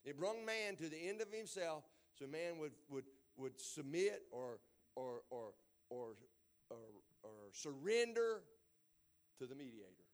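A man, a pastor preaching a folksy Bible sermon and building to loud emphasis. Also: fairly high pitch, expressive, unhurried.

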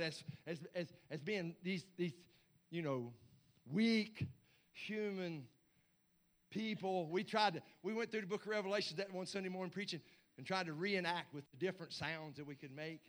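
High, bright-voiced preacher, shouting. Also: male voice. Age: middle-aged or older. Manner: building to shouted, hollering preaching with stammered repeats. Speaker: pastor. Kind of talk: sermon.

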